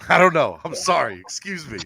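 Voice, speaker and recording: A man's voice: a little high, very animated, a little fast, vocal fry, sharp tone. A man hosting a casual sports podcast, joking and often stammering through restarts. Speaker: podcast host.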